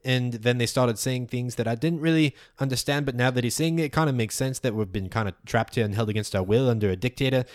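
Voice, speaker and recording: A man's voice: medium pitch, no echo, studio quality, pitched above the performer's own voice, natural voice. A man voicing a nervous, apologetic winged guard who stammers and rambles.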